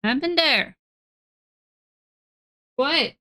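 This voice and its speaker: A woman's voice: medium pitch, animated, moderate pace, long pauses, fairly bright tone. A woman, streaming casually from home into a desk mic, muttering and swearing to herself and cooing baby talk to her pet. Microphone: desk microphone.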